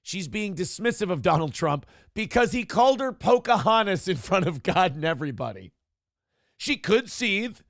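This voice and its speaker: A man's voice: high voice, very animated, normal speed, fairly bright tone, dry recording, studio quality. A man hosting a morning show, giving blunt, profane, ranting commentary on the news and reading out chat comments.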